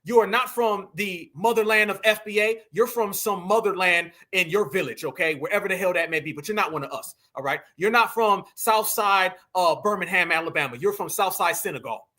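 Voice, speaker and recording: A man's voice: sits high, brisk, hardly any pauses, bright, forceful tone. A man with a Southern US accent hosting a commentary show, reacting to a clip in a scornful, preachy way and calling his viewers family. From Southern United States. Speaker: commentary channel host.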